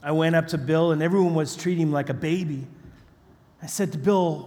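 A male pastor telling a story in a sermon, animated, acting out the voices of the people in it. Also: on the high side, fairly quick. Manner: animated, acts out quoted voices. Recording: long hall reverb.

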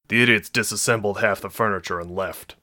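A man's voice: lowish voice, brisk, bright, forceful tone. A man voicing a curt, short-tempered male sergeant who snaps and barks orders in an audiobook. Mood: angry. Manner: snapping, barking orders.

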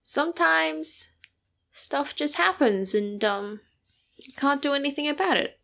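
A woman playing a tabletop game, talking in character in a halting, giggly way. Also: high voice, expressive, gravelly, fairly bright tone. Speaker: player. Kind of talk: in-character role-play.

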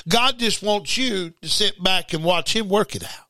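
High, bright-voiced preacher man. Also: measured pace, no echo. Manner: animated, repeats words, bursts into shouting. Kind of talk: informal broadcast sermon.

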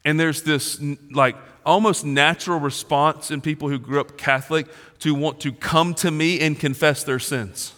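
A man in his forties preaching a sermon as a pastor, talking casually and slangily, swinging from loud emphasis to low, quiet stretches. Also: steady tone, normal speed, hardly any pauses. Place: large church auditorium. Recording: long reverb of a large hall.

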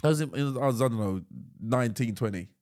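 A man, co-hosting a casual podcast chat and telling animated stories, often stammering and restarting his sentences. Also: mid-range voice, fast talker. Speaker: podcast co-host.

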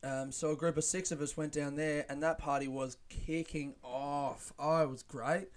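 A man's voice: a little high, steady tone, normal speed. A young man hosting a casual solo podcast, rambling with frequent swearing and laughing at his own jokes. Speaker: podcast host.

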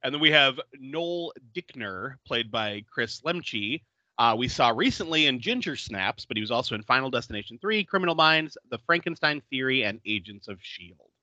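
A man's voice: medium pitch, moderate pace, no room sound, highs cut off. A man hosting a podcast, recapping a film in casual chat and laughing often. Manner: laughs often, animated and chatty. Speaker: podcast host.

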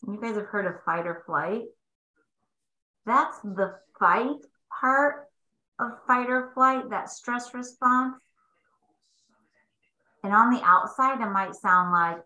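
Female host, coaching talk, bright and expressive, echoey room sound. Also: fairly high pitch, slow pace, pauses often. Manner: expressive, swings between emphatic and hushed asides. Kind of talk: faith-based coaching talk.

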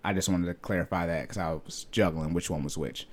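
A young man talks in a loose, joking way on a podcast, breaking into laughs and restarting his sentences. His voice sits fairly low. The chat is relaxed and casual. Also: a little fast. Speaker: podcast co-host.

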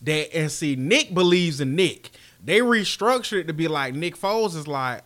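A man's voice: on the high side, expressive, normal speed, few pauses, fairly bright tone. A man with a slightly raised voice, co-hosting a casual sports podcast. He jokes and teases his partner while he argues his side. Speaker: podcast co-host.

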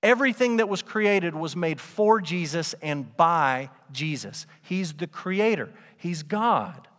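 A pastor delivers a sermon in a church sanctuary, preaching conversationally and posing rhetorical questions. His voice is a little high and a bit bright, and the recording carries a long hall reverb.

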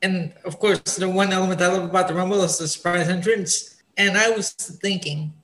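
A man co-hosting a casual podcast, laying out his ideas in a measured way. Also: high voice, steady tone, a bit bright, low-quality recording. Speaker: podcast co-host.

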